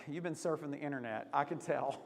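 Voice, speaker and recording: A man hosting a lively game for a group, upbeat and teasing, laughing often. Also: fairly high pitch, moderate pace, vocal fry, in a large hall, soft background music. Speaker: youth leader hosting a game.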